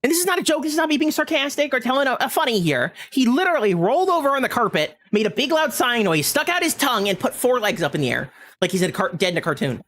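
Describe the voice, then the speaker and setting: A male streamer spins a funny anecdote in an easy, chatty way. His pitch swings high and low as he tells it. He keeps slipping into bursts of laughter. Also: quick pace. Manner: animated anecdote-telling, often breaking into laughter. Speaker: gaming streamer. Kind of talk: casual storytelling while streaming.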